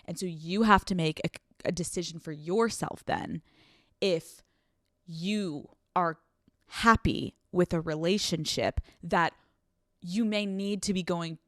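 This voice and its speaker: A woman's voice: lowish voice, slow pace, dry recording, clean studio sound. A young woman hosting an advice podcast, talking bluntly and swearing freely, running on no sleep. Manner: blunt, profane, animated; acts out scenes with quoted voices. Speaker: podcast host.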